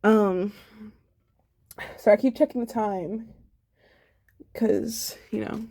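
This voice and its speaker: Soft-spoken, subdued young woman, mellow voice. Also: medium pitch, fairly even intonation, slow pace, no room sound, studio quality. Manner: reflective, soft-spoken, rambling with fillers. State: sad, subdued. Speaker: vlogger. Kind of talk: personal video diary.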